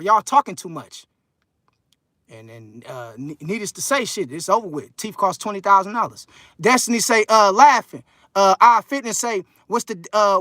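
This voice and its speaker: A man's voice: very high-pitched, pushed and bright, dry recording, clean studio sound. A man in his thirties casually chatting on a livestream and reading viewer comments, rambling and slangy with lots of fillers. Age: 30s. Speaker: livestream host reading chat. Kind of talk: casual live chat.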